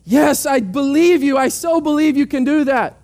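Man putting on an eager, high-voiced lost man. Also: normal speed, darkish tone. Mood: eager, gushing. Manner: gushing, over-eager, insisting he believes. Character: eager lost man stuck sitting on a rock.

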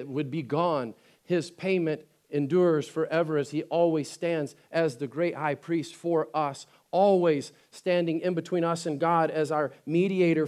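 Man preaching, high voice, emphatic, loud then hushed, sermon delivery. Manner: emphatic, swings between loud and soft; acts out scripture quotes. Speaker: pastor.

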